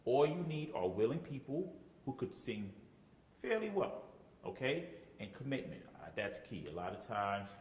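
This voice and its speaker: This man runs a choir rehearsal, walking singers through each step, demonstrating phrases by singing, and frequently checking "okay?". His medium-pitched, slightly mellow voice swings widely in pitch at a moderate pace. The echoey room has long reverb and faint hiss or hum.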